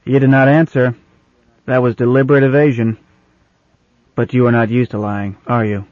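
A man's voice: mid-range voice, little pitch movement, normal speed, no room sound, phone-quality sound, close to an everyday voice. A man playing a wry, worldly old man. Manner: dry, gently teasing, fatherly.

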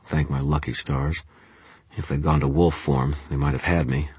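A man narrates an audiobook in the first person, keeping a tense, steady pull through the story. His voice is extremely deep and husky. It is recorded on a close studio mic with a completely dry sound. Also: normal speed, dry recording.

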